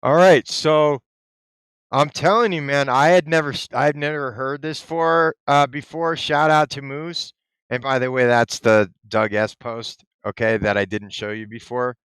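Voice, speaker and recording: A male host giving casual, excited commentary, chatty and quick to laugh. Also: mid-range voice, clean tone, no room sound.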